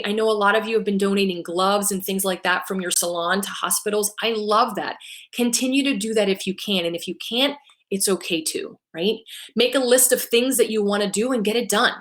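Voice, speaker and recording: A woman's voice: medium pitch, fairly bright tone. A middle-aged woman giving a live-streamed motivational talk to salon owners, upbeat and coaching, often asking "right?" and sometimes getting emotional. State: emotional at times.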